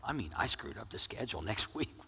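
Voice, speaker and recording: A middle-aged male pastor preaching with jokes, swinging between loud emphasis and hushed near-whispers. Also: lowish voice, very animated, brisk, husky, in a large hall. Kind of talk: sermon.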